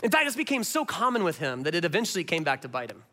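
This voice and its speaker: Pastor guy preaching, high bright voice, lively, drops to hushed bits then punches up. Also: very fast. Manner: animated, swings between loud and hushed. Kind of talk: sermon.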